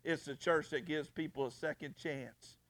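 A man's voice: on the high side, steady tone, moderate pace, fairly bright tone. A male pastor preaching a fiery sermon, repeating himself and stumbling over restarts.

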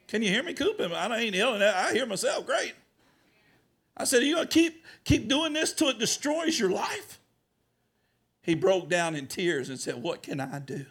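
A man preaching with a high, gravelly voice. He tells a story and acts out each side of the talk, dropping low and quiet, then climbing up loud. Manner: storytelling preacher who acts out dialogue, swings from hushed to loud. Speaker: pastor. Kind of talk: sermon.

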